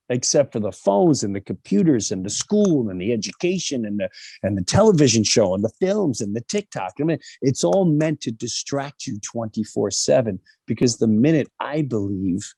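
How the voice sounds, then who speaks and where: Middle-aged man, mellow warm voice, animated storytelling, dry close sound. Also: moderate pace, breathy edge, dry recording. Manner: animated, acts out other people's voices with big pitch jumps. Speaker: interview guest. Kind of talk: personal storytelling in an interview.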